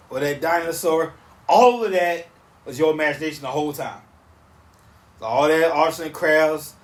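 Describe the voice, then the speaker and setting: A man in his thirties hosting a podcast, ranting casually in an animated, repetitive, emphatic way on a back porch outdoors. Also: a little high. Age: 30s. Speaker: podcast host. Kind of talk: casual solo rant. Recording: roomy sound from off mic.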